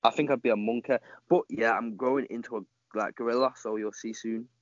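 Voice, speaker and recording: A man's voice: mid-range voice, fairly even intonation, a little fast, no echo, dull audio. A man as a guest on a casual podcast, rambling with many filler words and frequent laughter. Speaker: podcast guest, jiu-jitsu athlete.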